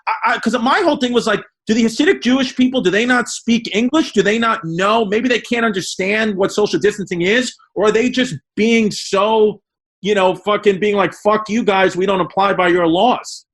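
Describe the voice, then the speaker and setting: A man with a New York accent co-hosting a podcast, excitable and swearing freely in casual chat. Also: sits high, brisk. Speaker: podcast co-host.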